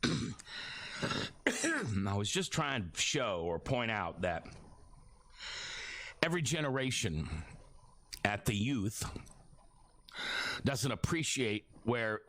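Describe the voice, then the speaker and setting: Brief: middle-aged male radio host, lively swooping delivery, rambling and often apologizing. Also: on the low side, slow, pauses often. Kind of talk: casual talk radio. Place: radio studio.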